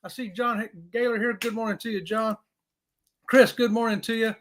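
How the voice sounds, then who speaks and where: A chatty man with a high voice hosts a casual live stream. He talks in a folksy, excitable way and keeps saying y'all. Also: moderate pace.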